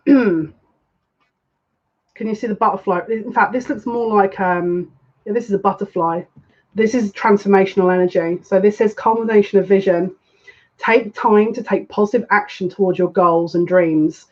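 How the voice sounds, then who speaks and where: A woman's voice: medium pitch, normal speed, darkish tone. A woman doing a live tarot reading, chatting with emotional asides and reading aloud from a card book. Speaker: psychic card reader. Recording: dull lo-fi recording.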